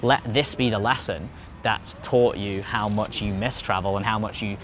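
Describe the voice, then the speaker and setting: A man's voice: lowish voice, steady tone, normal speed, a bit bright, slight background noise. A man talking as a podcast guest in casual conversation, rambling off on tangents and swearing freely.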